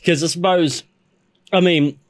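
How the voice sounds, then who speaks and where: A man's voice: on the high side, steady tone, measured pace, dry recording. A young man co-hosting a podcast in casual chat, incredulous, swearing and stumbling over his words. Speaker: podcast co-host.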